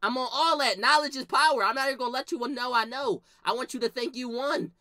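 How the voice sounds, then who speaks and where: A young woman telling a comedic story, swinging from low mutters to shouted outbursts and acting out the lines she quotes. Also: quick pace.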